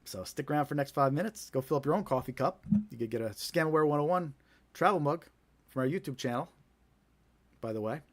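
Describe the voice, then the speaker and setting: A man's voice: a little high, animated, brisk. A man with a New Jersey accent hosting a live stream, talking in a chatty, conversational way with many fillers and repeated starts. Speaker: host of a scam awareness live stream. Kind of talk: casual live-stream chat.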